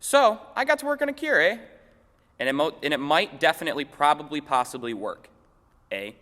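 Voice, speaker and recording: A man's voice: on the high side, very animated, fairly quick, sharp tone, long reverb tail. A man putting on an "eh"-saying Canadian scientist. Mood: hammy. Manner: says "eh" after every line, rambling and unsure. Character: jokey patriotic male Canadian scientist.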